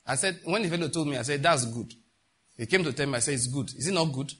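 A man's voice: fairly high pitch, rapid-fire, a bit bright, husky. A middle-aged man, preaching a sermon emphatically and asking the congregation rhetorical questions. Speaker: pastor.

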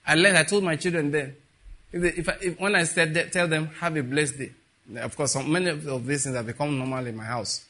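A man preaching a sermon, telling stories with quiet asides that build to emphatic peaks. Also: a little high, fairly even intonation, fairly quick. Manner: storytelling with soft asides and rising emphatic peaks.

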